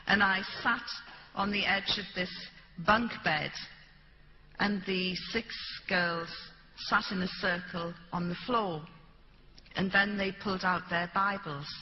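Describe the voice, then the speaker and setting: In a dull, echoey hall recording with faint hiss, a British public speaker recounts a first-person story for an audience, performing the voices of those she quotes. She speaks at a medium pitch and a measured pace.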